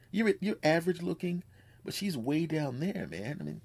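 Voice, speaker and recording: A man's voice: a little high, lively intonation, normal speed, vocal fry, a little mellow, breathy edge. A man hosting his own podcast, telling a personal story in a rambling, joking way, swearing freely and acting out what people said. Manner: rambling storytelling, acts out quotes, profane and joking. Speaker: podcast host. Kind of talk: casual monologue.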